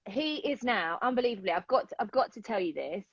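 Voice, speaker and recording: A woman's voice: medium pitch, expressive, fast, husky, no echo. A British woman co-hosting a casual chat, gushing and giggly as she tells stories. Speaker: co-host. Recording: dull lo-fi live stream sound.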